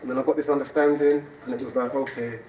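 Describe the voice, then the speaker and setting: A man sharing a personal story on stage at an event, animated and laughing as he talks. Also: medium pitch, fast talker, lo-fi sound. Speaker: event speaker. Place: event hall. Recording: roomy hall audio from a distance, audience noise.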